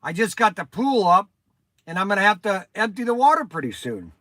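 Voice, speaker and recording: A man's voice: high-pitched, very animated, brisk, pushed and bright, no room sound. An older man hosting a casual livestream, rambling and chatty as he answers viewers by name. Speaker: toy shop host answering viewers.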